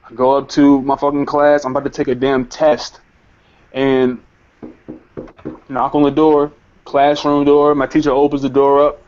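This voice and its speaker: A man's voice: mid-range voice, completely flat delivery, normal speed, long pauses, a little mellow, a little hiss or hum. A young man hosting a show and telling a personal story in a casual, heated way, swearing and stammering over his words, shaken as he talks. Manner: heated, profane, stammering repeats. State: emotionally shaken. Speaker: host. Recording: slightly muffled lo-fi recording.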